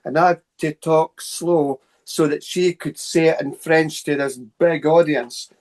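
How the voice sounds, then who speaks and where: Fast-talking Scottish man telling stories. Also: on the high side. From Scotland. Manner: fast, animated anecdotes with asides. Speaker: guest, paranormal researcher. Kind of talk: casual storytelling interview.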